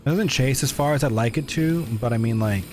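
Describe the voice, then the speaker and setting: A man's voice: mid-range voice, a little fast, darkish tone, a little hiss or hum. A young man streaming a game live, chatting in self-mocking asides as he plays. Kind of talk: live gameplay commentary.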